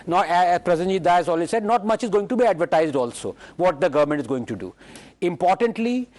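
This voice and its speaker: A man's voice: high voice, animated, darkish tone. Sarcastic Indian man debating on TV. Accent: Indian English. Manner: sarcastic, quick to mock opposing views. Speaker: panelist on a news debate. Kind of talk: live TV panel debate.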